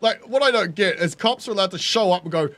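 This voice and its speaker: High-voiced New Zealand man ranting to chat. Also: lively intonation, fast, fairly bright tone. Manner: laughing, swearing, ranting to chat. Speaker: game streamer. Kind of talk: casual live-stream chat.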